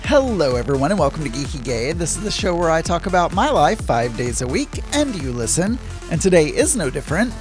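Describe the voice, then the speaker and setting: A man's voice: fairly high pitch, very animated, fairly quick, few pauses, faint music behind. Chatty man hosting a solo podcast. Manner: chatty, rambling, self-deprecating asides. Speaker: podcast host. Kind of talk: casual daily monologue podcast.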